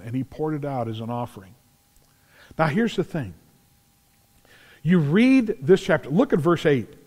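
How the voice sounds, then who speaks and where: Animated preacher in a reverberant church. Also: male voice, on the high side, normal speed, long pauses. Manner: animated storytelling, acts out scenes, shouts at climaxes. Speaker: pastor. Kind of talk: sermon. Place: large church sanctuary.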